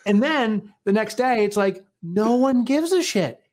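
A man, an author and guest, chatting casually, telling animated stories, acting out quotes and laughing often. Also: high-pitched, measured pace. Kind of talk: casual conversation.

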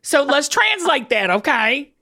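A woman hosting a podcast, telling stories in an animated, laughing way. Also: high-pitched, a little slow, vocal fry. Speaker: podcast host. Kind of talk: casual chat.

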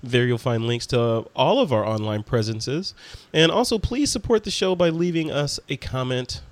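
A man's voice: medium pitch, animated, normal speed, dry recording. A man hosting a photography podcast, chatting casually with his guest and reading out closing announcements in an upbeat way. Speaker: podcast host.

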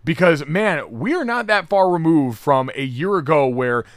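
A man co-hosting a sports podcast in casual talk, animated and sarcastic, now and then jumping to loud mock outrage. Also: on the high side, normal speed, dry recording, studio quality.

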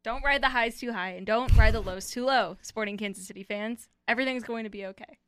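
A woman's voice: fairly high pitch, a little fast, smooth, soft background music. A woman co-hosting a casual sports podcast, talking in a playful, drifting way. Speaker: podcast co-host.

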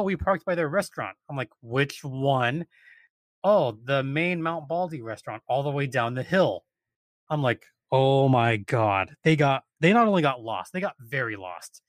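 Man, casual storyteller, higher-pitched, lively retelling with voiced quotes, dry close sound. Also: no echo.

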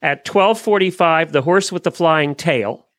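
A man's voice: a little high, unhurried, fairly bright tone, dry recording, clean studio sound. A middle-aged man co-hosting a casual chat, easygoing and plainspoken, with frequent fillers. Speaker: co-host. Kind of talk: casual chat, reading news items.

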